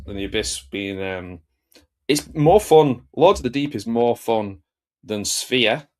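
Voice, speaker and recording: A man chatting casually as a film reviewer, rambling and enthusiastic, with jokey asides. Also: lowish voice. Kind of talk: casual chat.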